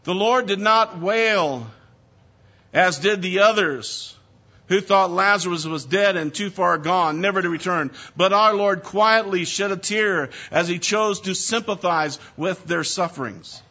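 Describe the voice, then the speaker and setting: A man preaching a sermon as a pastor, measured and often dropping soft and low. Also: muffled recording.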